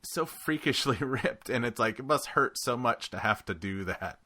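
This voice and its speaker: A man co-hosting a podcast, talking casually with quick, animated bursts of enthusiasm. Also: mid-range voice. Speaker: podcast co-host. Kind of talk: casual chat.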